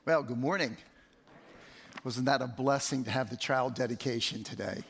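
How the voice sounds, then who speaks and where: Gravelly-voiced male pastor in a reverberant hall. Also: medium pitch, moderate pace. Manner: conversational, repeats words, animated asides. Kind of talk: sermon. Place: church sanctuary.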